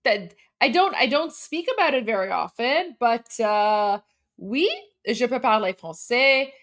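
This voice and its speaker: A woman hosting a reaction stream, eating while she mockingly comments on a clip and switches between English and halting French. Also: a little high. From Canada. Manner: mocking, scornful and animated. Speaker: host.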